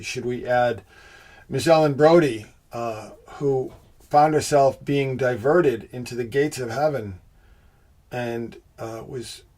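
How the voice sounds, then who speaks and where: A man's voice: mid-range voice, darkish tone. A man hosting a livestream, out of breath and congested, hesitating with many fillers as he thanks viewers by name and makes insinuating asides. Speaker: host of a livestream presentation. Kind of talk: casual livestream chat, reading viewer comments.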